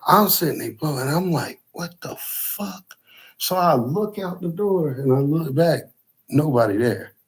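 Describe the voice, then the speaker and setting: Husky man telling a wild story. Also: a little high, moderate pace. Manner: profane, animated retelling of a scary night. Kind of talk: casual storytelling.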